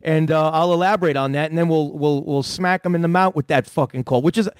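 A man with a notably high voice tells rambling, profane stories about his prank calls, full of restarts and asides. The recording is dry and close, with almost no room sound. He talks like a comedian chatting loosely with a fan on the radio. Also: fast, dry recording. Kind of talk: casual radio chat.

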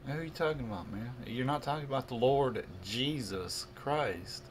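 A man preaching in a video, reading scripture slowly and emphatically, then breaking into mocking asides. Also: mid-range voice, animated, slight background noise. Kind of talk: video sermon commentary.

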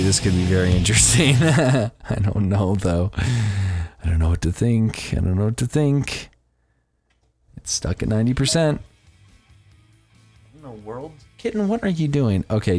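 A young man commenting on a game as he plays, giddy and breaking into high-pitched squeals of surprise. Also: a little mellow. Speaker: gameplay commentator. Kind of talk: excited let's-play commentary.

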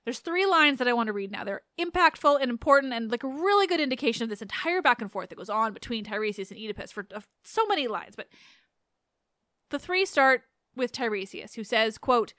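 Animated woman retelling a myth. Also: a little high, brisk, no room sound, studio quality. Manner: chatty, animated, laughs and restarts. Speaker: podcast host.

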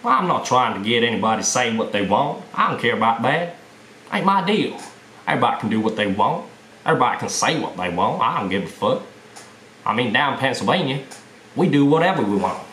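A man's voice: medium pitch, very animated, a little fast, fairly bright tone. A man putting on a Southern American accent to play a brash, swaggering tough guy who swears and makes threats. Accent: Southern American, put on. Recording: roomy echo, faint hiss.

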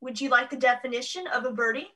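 A woman voicing a literal-minded female smart speaker assistant in a flat, factual manner, in an amateur online play. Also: high voice, fast talker, recorded from a distance. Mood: matter-of-fact.

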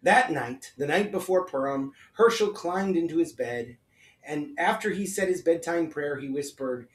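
A rabbi reading a children's story aloud in an expressive storytelling manner. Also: male voice, fairly high pitch, normal speed, recorded from a distance. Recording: echoey room, off-mic.

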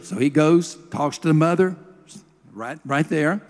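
A man's voice: fairly high pitch, measured pace, darkish tone. A man preaching a sermon, telling a healing story with emotion and leading a prayer. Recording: long hall reverb.

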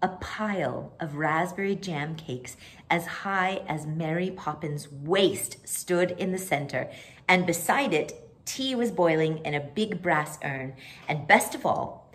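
A woman reading a children's book aloud as a storyteller, expressive and animated. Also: lowish voice, measured pace.

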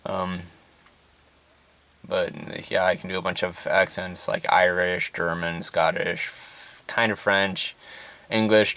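Low-voiced young soldier rambling. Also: male voice, pushed and bright, clean tone. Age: 20s. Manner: rambling, filler-heavy. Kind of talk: casual vlog. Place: inside a parked van. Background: distant rifle fire.

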